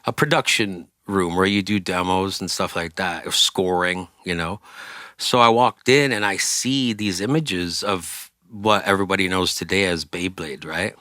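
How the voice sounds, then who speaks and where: A man's voice: low-pitched, moderate pace, pushed and bright, dry recording, studio quality. A man, a singer and interview guest, telling a story casually, acting out quoted voices and swearing freely.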